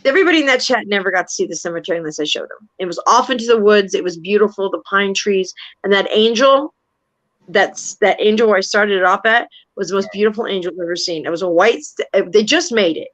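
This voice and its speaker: A woman in her fifties, brash and animated, swearing freely as she tells stories in a casual group chat about paranormal investigating. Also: mid-range voice, fast, rough recording. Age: 50s.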